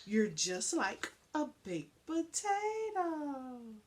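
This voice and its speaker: A woman's voice: fairly low pitch, animated, moderate pace, bright, forceful tone, slight background noise. A woman voicing a doting elderly lady who coos at her pet dog in a storybook read-aloud.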